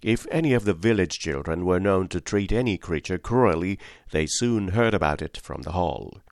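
A man narrating an audiobook in a calm, measured storytelling manner. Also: low voice, no echo, studio quality. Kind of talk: scripted narration.

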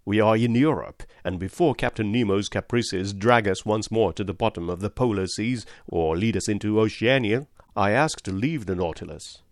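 A man voicing a blunt, restless Canadian harpooner in a storybook reading, plain-spoken and gruff. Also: lowish voice, normal speed, few pauses, no room sound, studio quality, lightly acted.

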